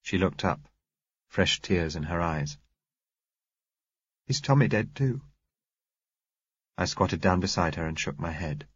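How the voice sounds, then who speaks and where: A man reading a novel aloud in measured, grave first-person narration. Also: low voice, steady tone, fairly bright tone, breathy edge, no room sound, dull audio. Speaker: audiobook narrator.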